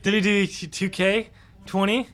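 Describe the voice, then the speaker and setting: A man co-hosts a podcast in a loose, casual chat. His voice is fairly high and bright, and he talks in an opinionated way, full of ums. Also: little pitch movement, a little slow. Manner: opinionated, chatty with frequent ums. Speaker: podcast co-host.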